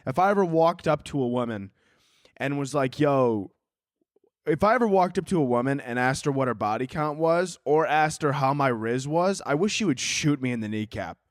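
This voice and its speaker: A man's voice: a little high, expressive, fairly quick, no echo, clean studio sound. Sarcastic profane man ranting on a podcast. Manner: profane, sarcastic, laughing at his own jokes. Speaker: podcast host. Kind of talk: casual solo podcast rant.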